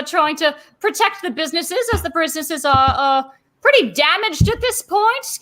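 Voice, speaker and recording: A woman voicing a sweaty, balding dwarf mall cop who frets and rambles. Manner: fretful, rambling, high and loud.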